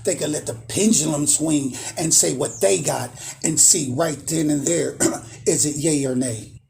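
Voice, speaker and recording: A man's voice: a little high, a little slow, vocal fry, darkish tone, slight background noise. A man who hosts a spiritual channel, giving a boastful, emphatic monologue to camera and repeating phrases for emphasis.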